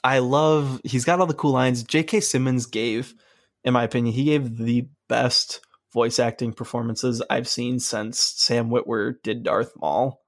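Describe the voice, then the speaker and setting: Casting: eager male podcast co-host, gravelly fry, dry close sound. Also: medium pitch, fairly even intonation, measured pace, dry recording. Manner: enthusiastic, gushing fan talk. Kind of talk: casual chat.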